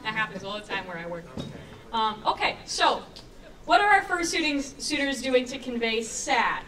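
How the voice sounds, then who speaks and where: A woman hosting a convention panel, talking to the crowd in a playful, animated way, often laughing. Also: a little high, moderate pace. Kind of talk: live panel commentary to an audience. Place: convention panel room with audience. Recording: distant camera, crowd noise.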